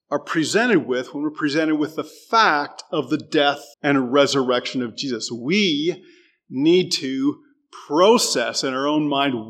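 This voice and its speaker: Slow-paced man preaching a sermon. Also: on the high side, fairly bright tone. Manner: unhurried, reads scripture aloud with emphasis; asks the listeners questions.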